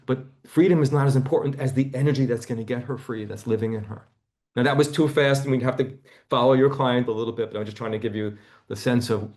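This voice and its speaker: In a mid-range voice, a man teaching a seminar coaches a volunteer via video call through a body-focused therapy exercise. He is gentle throughout and often sinks into a hush.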